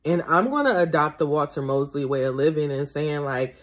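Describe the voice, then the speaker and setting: A young adult woman with a deep voice hosts a podcast and also reads tarot. Talking fairly quickly in a casual, reflective monologue, she works through her feelings candidly and ramblingly, swearing freely, repeating herself, and raising her voice when emotion takes over.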